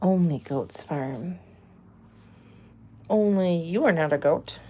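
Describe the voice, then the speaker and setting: A woman's voice: lowish voice, animated, takes it slowly, dark tone, a little hiss or hum. A young woman on a farm, cooing and teasing her animals in a pen in casual chat. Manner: cooing baby talk to animals, playful teasing. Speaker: farm vlogger.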